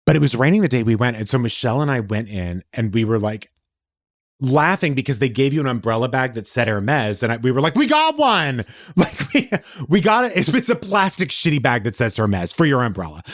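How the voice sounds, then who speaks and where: A man co-hosting a podcast, telling a story in casual chat; he is animated, gets defensive fast and swears freely. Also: medium pitch, no echo, studio quality. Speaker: podcast co-host.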